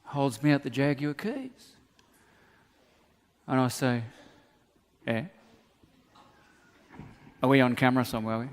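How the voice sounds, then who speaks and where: A man's voice: mid-range voice, takes it slowly, long pauses. A man preaching a sermon, telling comic stories and acting out the voices in them. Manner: animated, acts out voices in his stories. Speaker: pastor. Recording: long hall reverb.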